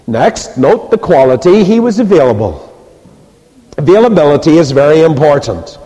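Animated preacher in a hall. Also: male voice, on the high side, moderate pace, breathy edge. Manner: animated storytelling, rhetorical questions, acts out quoted voices. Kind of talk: sermon. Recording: reverberant hall.

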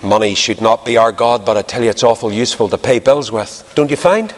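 Animated preacher man in a reverberant hall. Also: brisk. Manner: animated, jumps in pitch for emphasis. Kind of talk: sermon.

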